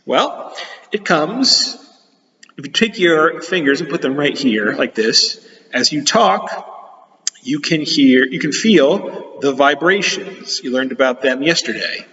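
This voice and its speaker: A man's voice: fairly high pitch, bright, forceful tone. A man gives a children's science lesson in a chatty manner and walks his listeners through hands-on demonstrations. The recording sounds dull and muffled, and a long reverb trails after his words as if he is in a big hall. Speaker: science teacher.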